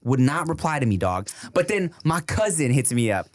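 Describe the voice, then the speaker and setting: A laid-back man telling stories on a casual podcast, heavy on slang. His pitch rises and falls expressively as he talks. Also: big pitch swings, normal speed, no room sound, clean studio sound. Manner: laid-back, slangy, calls people dog. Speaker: podcast co-host.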